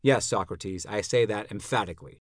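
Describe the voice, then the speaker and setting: A man voicing a stubborn young accuser who answers tersely and insistently, a bit lower and quieter than his narration. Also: moderate pace, no echo, clean studio sound, lightly acted. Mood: curt.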